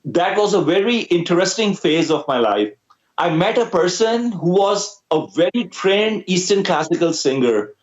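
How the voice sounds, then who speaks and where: A man's voice: high-pitched, big pitch swings, normal speed, roomy sound, muffled recording. A young man from Pakistan with a Pakistani accent, an Urdu speaker, talking as a guest musician in a casual interview, hesitant with many fillers. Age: young adult.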